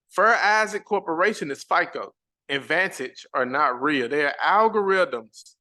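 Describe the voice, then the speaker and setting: A man's voice: medium pitch, pushed and bright. A man teaching a casual live-stream lesson, reading slides aloud and repeating key points emphatically to his viewers. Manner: casual, chatty asides to the audience. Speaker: credit repair educator.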